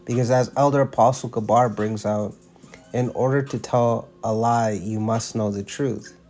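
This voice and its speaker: A man's voice: medium pitch, steady tone, normal speed, darkish tone, faint music behind. A man giving casual religious commentary, emphatic and slangy, often restarting his sentences.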